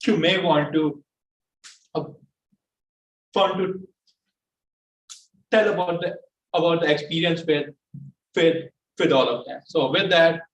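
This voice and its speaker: A man with a Pakistani English accent evaluating a speech at a club meeting, halting and repeating his words often. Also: on the high side, highs cut off. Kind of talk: giving spoken feedback at a club meeting. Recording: echoey room from far off, faint noise.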